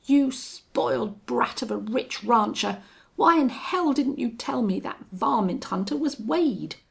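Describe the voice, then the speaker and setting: A woman voicing a fearful, blustering male rustler leader in an audiobook reading, shouting in rough frontier talk. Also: fairly high pitch, expressive, takes it slowly, voice pushed up, full character voice. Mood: frightened, blustering.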